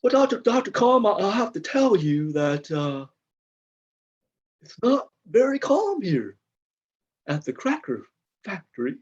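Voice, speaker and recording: A man's voice: high-pitched, very animated, a little slow, pauses often, husky, heavily acted. A man playing a flustered older cracker factory worker in improv comedy over a video call, rambling and stammering with bursts of indignation. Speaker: improv performer. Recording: dull lo-fi video call audio.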